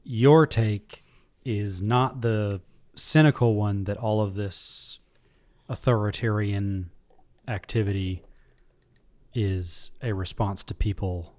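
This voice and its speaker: A man hosting a podcast, calmly summing up his guest's views and asking questions. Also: lowish voice. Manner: measured, sums up the guest's views. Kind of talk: interview questions.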